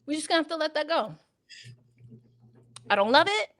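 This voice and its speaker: High-voiced animated New York woman. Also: fairly quick. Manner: animated, playful, slangy. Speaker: podcast co-host. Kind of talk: casual chat.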